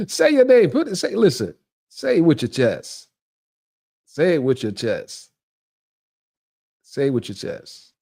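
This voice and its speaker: Middle-aged male livestream host; animated, taunting delivery, lively pitch. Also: takes it slowly, vocal fry, pauses often, breathy edge. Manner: animated, mocking, laughs often, repeats himself. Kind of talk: casual livestream rant.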